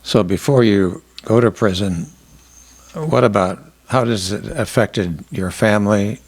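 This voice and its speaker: A man interviewing a guest for an oral history, asking slow, halting questions. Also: lowish voice.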